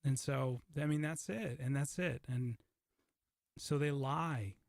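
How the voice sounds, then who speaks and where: A man's voice: mid-range voice, slow, gravelly, no echo, studio quality. A man ranting sarcastically in a commentary monologue, mocking those he criticizes. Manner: sarcastic, mocks opponents in mimicking voices.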